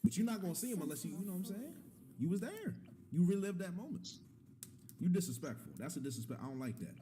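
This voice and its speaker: Slangy animated man hosting a podcast. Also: sits high, quick pace, a little hiss or hum. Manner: animated, slangy, laughs often. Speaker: host. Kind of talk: casual podcast chat.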